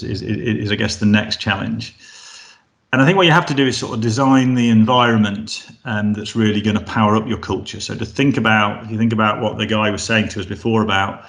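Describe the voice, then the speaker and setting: A man's voice: lowish voice, a bit bright. A man presenting a coaching webinar in a conversational way, full of fillers and restarts, heard over a video call. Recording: roomy echo.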